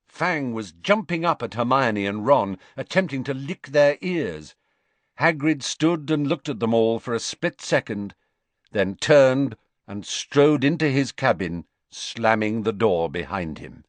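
A man reads a story aloud with dramatic expression, his low voice swinging widely in pitch. The recording is dry and close, with no room sound. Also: expressive, measured pace, no echo. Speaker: audiobook narrator. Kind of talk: audiobook reading.

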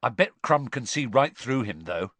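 A man voicing an excitable, starstruck teenage boy wizard who gushes and scoffs by turns, in a lively reading. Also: mid-range voice, dry recording. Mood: scornful. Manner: eager, gushing, quick to scorn.

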